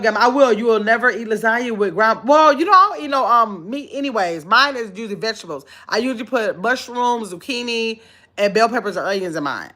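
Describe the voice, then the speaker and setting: A middle-aged woman hosting a casual livestream, chatting easily and reading viewer comments aloud with frequent pauses to look. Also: a little high, bright, forceful tone. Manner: chatty and easygoing, with frequent "let me see" pauses while reading. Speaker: channel host.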